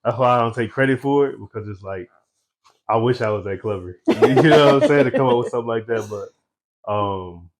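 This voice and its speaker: A young man talking as a guest in a casual interview, relaxed and laughing often, with easygoing slang. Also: medium pitch, a little fast. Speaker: guest, eyewear brand founder.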